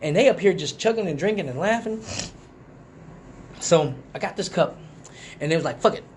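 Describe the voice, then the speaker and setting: A man's voice: moderate pace, slight background noise. A man telling a profane story on a live stream, acting out quotes. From Detroit. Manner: animated, profane, acts out quotes in a higher voice. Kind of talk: casual storytelling.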